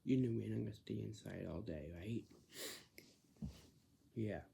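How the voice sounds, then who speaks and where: Slow, gravelly low-voiced man. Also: mellow, a little hiss or hum. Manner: repetitive, lecturing, tags lines with "right?". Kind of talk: casual monologue.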